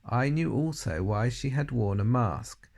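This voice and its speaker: A man's voice: mid-range voice, expressive, unhurried, gravelly, darkish tone. A man reading a children's novel aloud in the first person, with dramatic emphasis. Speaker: audiobook reader.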